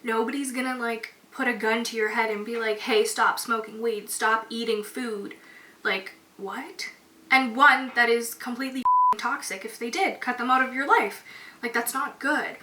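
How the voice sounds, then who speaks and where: A woman's voice: fairly high pitch, normal speed. A young woman hosting her own podcast, talking openly and emotionally in a casual, candid monologue. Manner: open, emotional, casual with frequent "like". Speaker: podcast host. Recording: roomy echo, distant mic, faint hiss.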